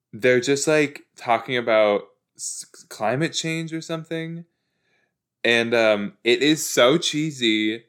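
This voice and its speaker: A man's voice: medium pitch, fairly bright tone. A young man casually chatting and mocking a TV show, recording while lying down. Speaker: podcast host reacting to a TV episode. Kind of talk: casual chat. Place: lying down at home.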